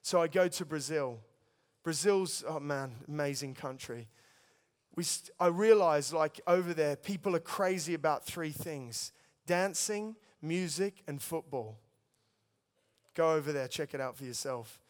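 A man's voice: on the high side, a little slow. A young man preaching a sermon, telling his own story in an earnest, storytelling way and addressing the listeners as guys. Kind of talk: sermon testimony. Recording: long hall reverb.

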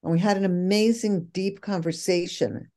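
A woman's voice: mid-range voice, fairly even intonation, moderate pace, mellow. A woman guest in a casual conversation, telling personal stories in an earnest, reflective way.

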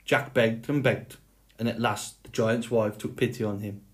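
A man reading a fairy tale aloud in a slow, measured storytelling manner. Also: lowish voice, fairly even intonation. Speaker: storybook reader. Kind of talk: scripted fairy tale narration.

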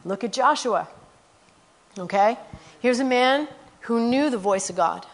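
An earnest woman with a somewhat high voice gives a conversational sermon about missionary work. She keeps checking in with her listeners through "you know" and "okay?", and she reads scripture verses at a quick clip. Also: animated. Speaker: missionary speaker.

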